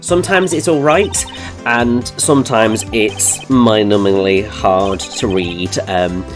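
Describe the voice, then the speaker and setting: A man's voice: on the low side, slow pace. Explanatory Midlands man, playthrough co-host, music audible behind. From English Midlands. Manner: chatty, explanatory, digressive. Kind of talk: casual chat. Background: game music.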